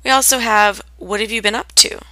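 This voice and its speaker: A woman gives a lesson on everyday English greetings, her tone bright and a little sharp. She speaks clearly and deliberately, lifting her voice to act out each example phrase. The recording is dry and close. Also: medium pitch, fairly even intonation, dry recording. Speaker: English teacher. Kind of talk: scripted lesson on spoken greetings.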